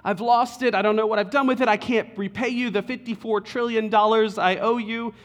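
A man's voice: fairly even intonation, brisk, natural voice. A man voicing a desperate servant who stammers and begs his master to spare him from a huge debt. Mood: pleading. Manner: begging, stammering, high-pitched.

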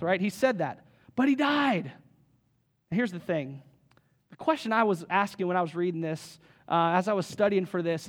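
A man's voice: high voice, a little fast. A man pastor giving a sermon in a church, conversational and plain-spoken, asking the congregation questions and joking lightly.

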